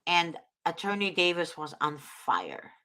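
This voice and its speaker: A woman's voice: sits low, very animated, measured pace, sharp tone, slight background noise. A woman hosting a talk show, giving earnest, preachy advice and often invoking God. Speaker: host.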